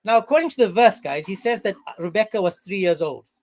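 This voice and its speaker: A man's voice: sits high, lively intonation, brisk. A man hosting a livestream religious debate, talking in a mocking, sarcastic way. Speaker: debate stream host.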